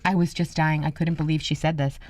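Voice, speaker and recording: A woman co-hosting a radio show in casual chat, an animated storyteller who laughs often. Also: low voice, fairly quick, slight background noise.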